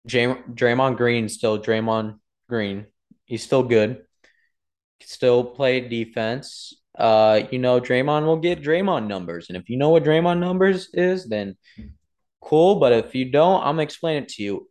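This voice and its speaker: A young man chatting casually about basketball, rambling and correcting himself as he talks to his viewers. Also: mid-range voice. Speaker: sports vlogger. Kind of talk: casual sports commentary.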